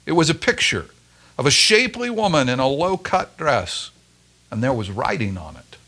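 Expressive male storyteller. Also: medium pitch, normal speed. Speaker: story reader at a church Advent service. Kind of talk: scripted story reading.

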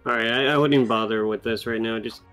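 A man's voice: fairly low pitch, steady tone, quick pace, fairly bright tone, soft background music. Dry, sarcastic young man. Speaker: co-host giving game tips. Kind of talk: casual gameplay chat.

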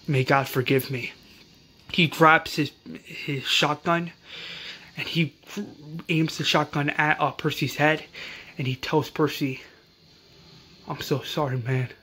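A man casually recapping an episode as channel host, excitable and rambling, with many restarts and slang. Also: medium pitch.

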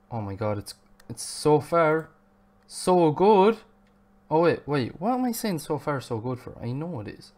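A man's voice: mid-range voice, a little mellow. A man streaming a video game live, chatty and self-mocking, and swearing at the game now and then. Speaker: gaming streamer. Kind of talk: live gameplay commentary.

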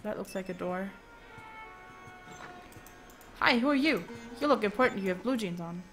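A woman streaming a game live, chatting and reacting out loud as she plays, at a home desk mic. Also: mid-range voice, lively intonation, fast talker, soft background music.

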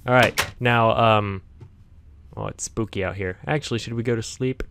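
A man's voice: on the low side, moderate pace, music in the background. A man hosting a gaming channel, chatting to viewers as he plays, easily startled, with yelps and laughs. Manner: talks directly to viewers. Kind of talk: casual gameplay commentary.

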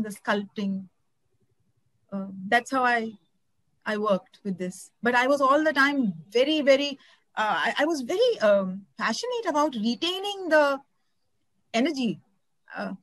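In a rough, echo-free recording, a woman from India with a high, slightly bright voice discusses translating a novel. Her conversational talk is expressive, and she frequently hunts for words and restarts.

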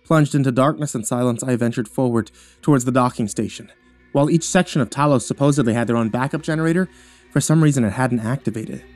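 A man narrating a scripted horror story in a measured, somber way. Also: mid-range voice, darkish tone. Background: faint music.

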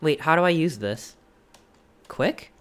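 A streamer chatting with viewers while playing a game live, thinking aloud in hesitant questions and gasping in excitement at each new find. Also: mid-range voice, slow. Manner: excitable, gasping and exclaiming at discoveries.

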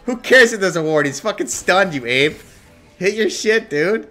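A man streaming a game, ranting and swearing at other players, swinging from low mutters to shouted outbursts. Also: lively intonation, moderate pace, faint music behind. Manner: tilted, swearing, ranting at teammates and enemies. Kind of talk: live gameplay commentary.

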